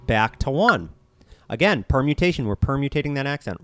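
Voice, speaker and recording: A man's voice: mid-range voice, very animated, brisk, a bit bright, no room sound. A man teaching a drum lesson, counting beats aloud and explaining each step plainly. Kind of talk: instructional lesson.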